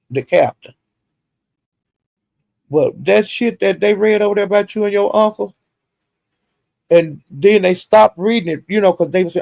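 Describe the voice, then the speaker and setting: A man hosting a livestream spills gossip in a drawling, profane, animated way. His slightly high voice has a gravelly fry, and the sound is close and dry. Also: dry recording. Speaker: livestream host. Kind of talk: casual gossip commentary.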